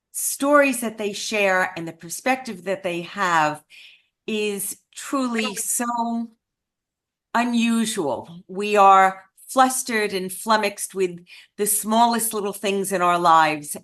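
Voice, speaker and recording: An earnest woman telling a personal story to an audience, with plenty of self-deprecating asides. Her pitch sits in the middle range and her pacing shifts between slow and quick. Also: fairly bright tone. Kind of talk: speech to an audience.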